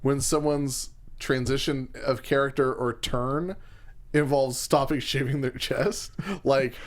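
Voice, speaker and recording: A man co-hosting a wrestling show, chatting casually and joking around with quick impressions. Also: mid-range voice, fairly even intonation. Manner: joking, slips into silly impressions. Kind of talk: casual podcast banter.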